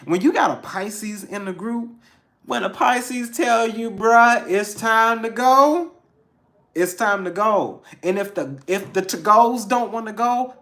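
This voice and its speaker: A man with a slightly high voice gives a loose, animated pep talk as a tarot reader. He talks in street slang and swears freely for emphasis. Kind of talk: casual spiritual pep talk.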